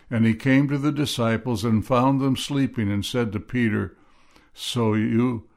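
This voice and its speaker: A man preaching a sermon, reading scripture aloud in a deliberate way and pressing hard on key words. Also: medium pitch. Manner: slow, deliberate reading, rising to emphatic stresses. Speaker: pastor.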